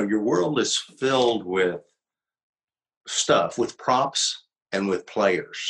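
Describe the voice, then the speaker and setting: A man's voice: fairly low pitch, fairly bright tone, low-quality recording. An older man, a psychologist guest, explaining ideas in a reflective, emphatic teaching tone during an interview. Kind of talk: conversational interview.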